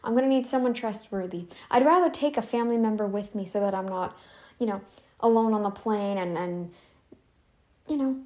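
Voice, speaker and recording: A woman hosting a YouTube commentary channel, unseen in her home, gives a casual direct-to-camera monologue in a medium-pitched, slightly mellow voice at a fairly quick clip. She repeats her demands confrontationally and restarts often.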